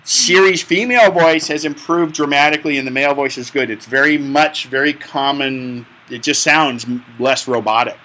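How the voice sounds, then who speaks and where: Bright-voiced joking tech instructor, man. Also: fairly high pitch, normal speed, few pauses, low-quality recording. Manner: joking, chatty explainer to a live class. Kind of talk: hands-on tech class instruction.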